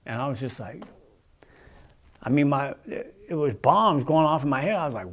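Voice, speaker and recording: A man speaks in a gravelly, slightly raised voice, telling his story earnestly. His speech is loose and casual, full of "you know"s and restarts as a guest recounts his testimony. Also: fairly high pitch, animated, normal speed.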